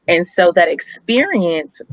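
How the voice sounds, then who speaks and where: A woman's voice: fairly low pitch, very animated, slow pace, no room sound, rough recording. A young woman co-hosting a talk show, telling a personal story in a blunt, heartfelt and emphatic way, with some swearing. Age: young adult. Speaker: radio show co-host.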